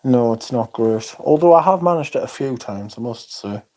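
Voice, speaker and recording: A man's voice: medium pitch, expressive, moderate pace, warm tone. A man hosting a casual livestream, chatting, swearing freely and reading out viewer comments. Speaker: livestream host reading chat.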